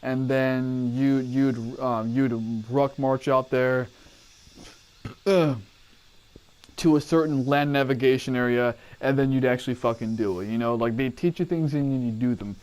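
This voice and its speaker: Man rambling through old army stories, swears a lot, middle-pitched voice. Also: fairly even intonation, unhurried, darkish tone. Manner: profane, digressive, rambling. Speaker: army veteran telling training stories. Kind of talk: casual storytelling to camera.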